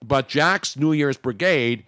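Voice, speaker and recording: A man hosting a radio talk show, joking and animated in casual banter. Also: mid-range voice, slow pace, smooth, dry recording, studio quality. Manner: animated, jokey, talks over co-host.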